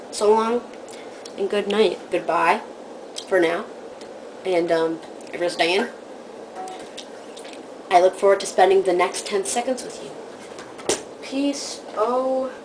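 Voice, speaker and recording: A woman telling a story in a casual vlog, gushing and excitable, jumping into squealed quotes of what people said. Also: mid-range voice, background noise. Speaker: vlogger.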